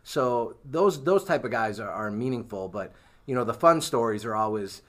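A man's voice: mid-range voice, expressive, normal speed. A man telling casino stories in casual conversation, an easygoing storyteller. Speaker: former casino floor worker. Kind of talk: casual podcast chat.

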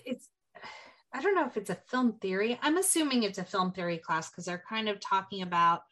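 A woman co-hosting a casual film recap, telling the scenes in an animated way with casual swearing. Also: medium pitch, fairly quick. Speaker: podcast co-host.

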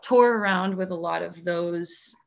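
A woman in casual chat, talking in a relaxed, rambling way with lots of fillers and frequent laughs. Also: on the low side, measured pace, vocal fry, muffled recording. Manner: chatty, many "like" fillers, laughs often.

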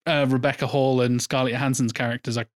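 A man's voice: medium pitch, level tone, fast talker. A man co-hosting a film podcast, talking enthusiastically and rambling, with casual swearing. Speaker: podcast co-host.

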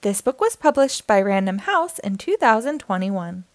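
A woman's voice: mid-range voice, big pitch swings, normal speed, dry recording. A woman reading a children's picture book aloud, giving the characters their own voices. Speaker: storyteller.

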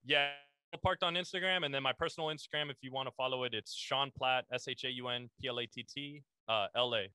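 A man's voice: mid-range voice, quick pace, pushed and bright, clean tone, no echo. A man guesting on a podcast, rambling and self-deprecating with lots of likes and uhs. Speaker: guest comedian. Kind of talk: casual podcast chat.

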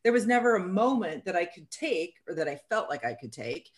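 A woman's voice: on the low side, very animated, fairly quick. A woman co-hosting a casual conversation, candidly telling personal stories and acting out what people said. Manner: candid, storytelling, acts out quotes.

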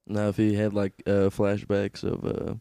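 A man's voice: lowish voice, completely flat delivery, measured pace, dark tone, smooth. A young man co-hosting a casual comedy podcast, joking crudely and echoing his co-host's lines. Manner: joking, crude, echoes the other host. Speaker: podcast co-host.

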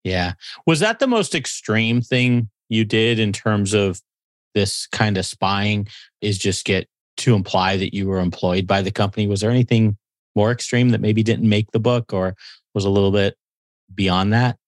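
A man hosting a podcast, asking a guest measured, open questions. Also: on the low side, no echo. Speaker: podcast host and business coach. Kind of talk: interviewer questions.

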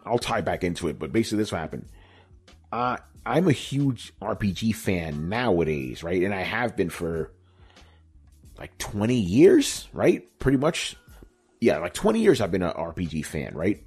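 A man's voice: sits low, very animated, moderate pace, a little mellow, breathy edge, faint music behind. A middle-aged man answering viewer questions in a laid-back, profane chat full of "you know" and "bro". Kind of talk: casual Q&A chat.

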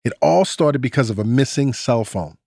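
A man's voice: mid-range voice, expressive, normal speed, gravelly, a little mellow, no echo, clean studio sound. A man with a New York accent, hosting a podcast with laid-back, slangy scripted narration. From Brooklyn, New York. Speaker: podcast host.

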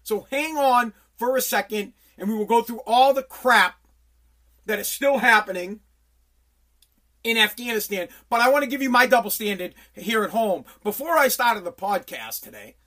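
A man's voice: high-pitched, expressive, moderate pace, bright, forceful tone. A man hosting a solo podcast, ranting in an angry, profane way with lots of stumbling restarts. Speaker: podcast host.

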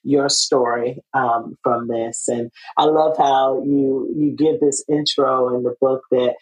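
A woman hosting a podcast, chatting in a casual interview with an animated, laughing manner and many fillers and restarts. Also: very deep voice, takes it slowly, rough recording. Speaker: podcast host.

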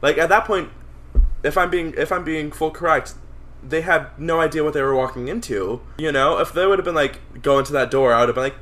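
A man's voice: a little high, brisk, fairly bright tone. A man guesting on a podcast in casual chat, laughing often and retelling scenes animatedly, calling in over a video call while on the road.

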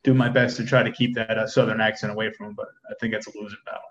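Candid low-voiced army man in his thirties, repeats himself as he talks, dull echoey room sound. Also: little pitch movement, very fast, slight background noise. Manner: candid, repeats words while thinking. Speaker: soldier guest. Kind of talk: casual conversation.

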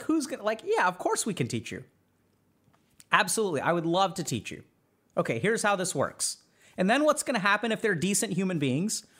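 High-voiced man giving casual advice. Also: fairly bright tone. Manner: conversational, acts out imagined inner voices, often asks "right?". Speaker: podcast host, psychiatrist. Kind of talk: casual advice talk to a live chat.

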